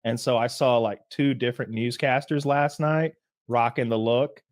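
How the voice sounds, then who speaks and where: A man co-hosting a podcast in loose, rambling casual chat, joking as he goes. His voice sits in a middle pitch with nothing unusual to it. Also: fairly even intonation, moderate pace. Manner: rambling, joking, mimics people he quotes. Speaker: podcast co-host.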